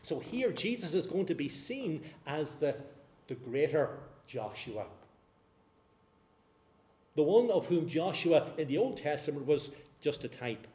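A man preaching a sermon, telling a scripture story in an animated way. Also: a little high, unhurried, long pauses, roomy sound.

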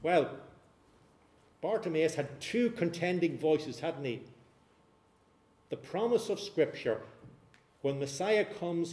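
A man preaching a sermon, telling a scripture story in an animated way. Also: fairly high pitch, slow pace, pauses often, reverberant.

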